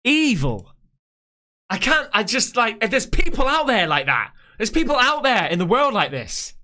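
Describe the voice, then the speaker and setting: A man's voice: extremely high pitch, sing-song, moderate pace, pushed and bright. A man hosting a reaction video, talking casually and emotionally and swearing often.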